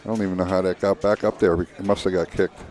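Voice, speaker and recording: A man gives relaxed, analytical color commentary on a pool match. His voice is very low and dark, with a mellow tone. He talks in a measured, unhurried way.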